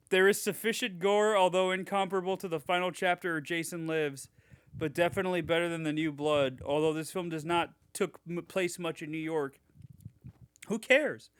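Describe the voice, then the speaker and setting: Sarcastic man reading reviews, bright voice. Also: a little high, clean tone, dry recording, studio quality. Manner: sarcastic, swears, mock-enthusiastic reading. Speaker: podcast co-host. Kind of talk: casual chat, reading reviews aloud.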